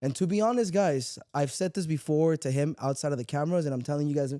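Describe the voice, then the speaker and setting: A man co-hosting a podcast, loud and hyped, sometimes tripping over his words. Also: fairly high pitch, fast talker, no echo, clean studio sound. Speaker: podcast co-host. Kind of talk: casual podcast chat.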